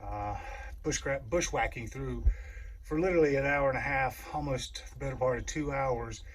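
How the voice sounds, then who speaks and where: A man's voice: medium pitch, a little hiss or hum, poor audio. Winded man rambling on a hike. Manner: rambling, halting, with many fillers and restarts. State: out of breath. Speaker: outdoor vlogger. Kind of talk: casual hiking vlog narration. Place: wooded ridge outdoors.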